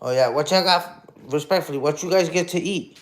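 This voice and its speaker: A man in his forties chats loosely into his phone on a livestream, his voice sitting a little on the high side. He talks in street slang and keeps tagging his lines with "you heard?". He reacts to viewer comments as he goes. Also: a little fast. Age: 40s. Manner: reads and answers viewer comments. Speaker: livestream host. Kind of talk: casual livestream chat.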